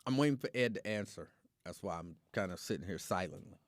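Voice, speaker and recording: A man hosting a casual live talk show, reacting to viewer comments with emphatic, repetitive opinions in relaxed slang. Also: deep voice, fast talker, no room sound, clean studio sound. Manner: opinionated and emphatic, repeats his points.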